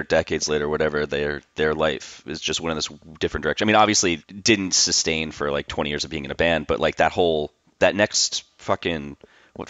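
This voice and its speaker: Low-voiced podcast host on a call. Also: male voice, a bit bright, no echo, lo-fi sound. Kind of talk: casual chat over a video call. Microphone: video call.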